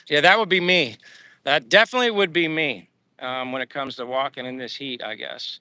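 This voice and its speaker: A man's voice: mid-range voice, moderate pace, sharp tone, clean tone, dry recording. An older man from Pennsylvania, livestreaming outdoors in the heat, chatting casually and rambling with lots of fillers as he reads out viewer comments. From Pennsylvania, USA. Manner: rambling, friendly, frequent fillers and restarts. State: sweating in the heat. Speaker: livestream vlogger reading chat. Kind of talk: casual live chat while walking. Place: outdoors under trees in the heat.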